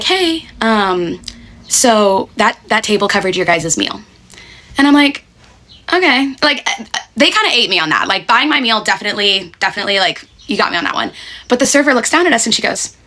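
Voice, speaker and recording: A woman's voice: mid-range voice, sharp tone. A young woman who works as a server tells a story in a blunt, sweary, emphatic way and keeps asking "okay?". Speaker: restaurant server telling a story. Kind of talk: casual storytelling rant.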